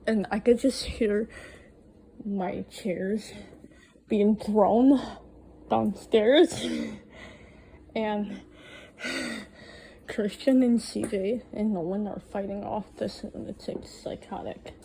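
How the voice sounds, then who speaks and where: Slow, mellow young woman telling a story. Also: mid-range voice, fairly even intonation, creaky, slight background noise, poor audio. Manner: blunt, swears freely, recounts events breathlessly. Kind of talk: casual first-person storytelling.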